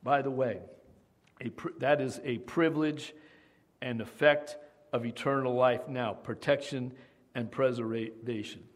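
A man's voice: mid-range voice, fairly even intonation, unhurried. A man preaching a sermon as pastor, emphatic and often asking the congregation questions.

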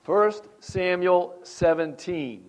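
A pastor with a high voice preaches slowly, reading scripture aloud with rising emphasis. He keeps the sermon conversational, putting questions to the congregation.

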